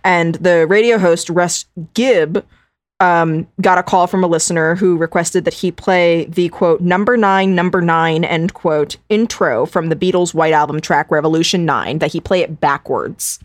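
A woman's voice: on the low side, normal speed, no echo. A woman co-hosting a podcast, telling a story in a chatty way, swearing freely and laughing often. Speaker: podcast co-host. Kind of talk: casual podcast chat.

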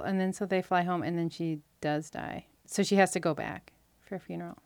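A woman co-hosting a casual TV recap chat, measured and opinionated. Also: on the low side, fairly even intonation, gravelly, darkish tone, no room sound.

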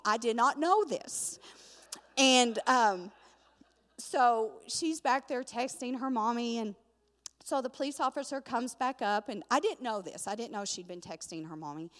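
An older woman, telling a chatty, animated story in a Bible study lesson, acting out the voices in her tale. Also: a little high, unhurried, in a large hall.

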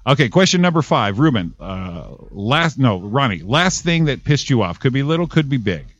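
A man's voice: medium pitch, sing-song, normal speed. A man hosts a casual podcast, reading out quiz questions and joking crudely with his guests. His voice sits in a middling register, and the recording sounds muffled and lo-fi. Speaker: podcast host running a quiz.

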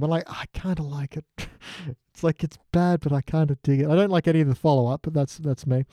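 A man's voice: a little high, fairly even intonation, quick pace, warm tone, no room sound, studio quality. A man chatting casually on a podcast, quoting lines in put-on voices. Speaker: podcast co-host.

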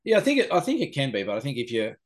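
A man, co-hosting a podcast and rattling off animated anecdotes. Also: medium pitch, very fast. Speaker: podcast co-host. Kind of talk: casual chat.

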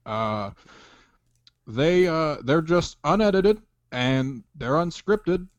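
A man's voice: fairly high pitch, lively intonation, takes it slowly, no room sound, highs cut off. A man putting on a composed male politician making a statement, with careful, hesitant phrasing.

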